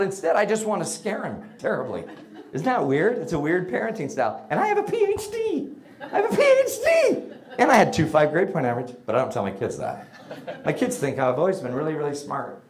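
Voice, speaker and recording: A middle-aged man delivers a humorous storytelling talk about parenting to an audience, comic and animated, sometimes breaking into shouted bursts. His voice is fairly high, with slight background noise.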